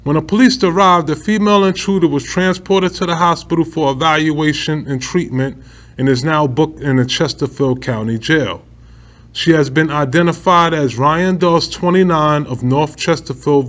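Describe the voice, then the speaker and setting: Animated man hosting casual news talk. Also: fairly high pitch, normal speed. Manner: animated, laughs often, slangy asides. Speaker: news commentary host.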